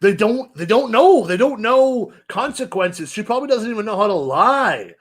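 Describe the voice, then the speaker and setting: A man's voice: high-pitched, lively intonation, normal speed. A man hosting a casual podcast, ranting angrily and swearing heavily. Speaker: podcast host.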